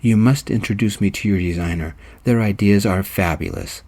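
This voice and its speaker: A grand older fashion designer woman, effusive and theatrical, gushing over young talent, as a man reads her lines. The voice sits low and mellow, close to the reader's own. She sounds like a character from a spoken storybook. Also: normal speed.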